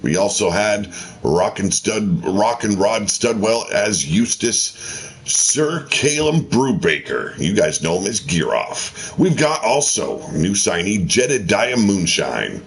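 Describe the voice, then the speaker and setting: A low-voiced man hosts a wrestling game show with theatrical ring-announcer flair. His delivery swings widely in pitch, unhurried and drawn out, and he throws in swearing asides. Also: very animated. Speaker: host of a wrestling game channel.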